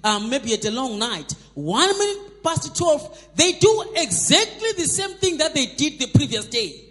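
High-voiced man preaching in an echoing hall. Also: very animated, unhurried, fairly bright tone. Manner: emphatic, repetitive, calls for congregation responses. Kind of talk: sermon. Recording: long hall reverb.

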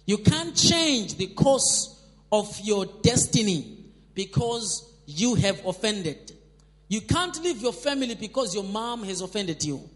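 Guy preaching a sermon, real high voice, bouncy lively delivery, keeps asking the crowd to say amen, echoey church. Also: takes it slowly. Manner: emphatic, repetitive, calls for congregation responses. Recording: long hall reverb.

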